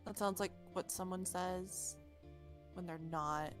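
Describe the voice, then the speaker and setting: A woman's voice: fairly low pitch, fairly even intonation, slow, soft background music. A woman doing a sardonic young woman. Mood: deadpan.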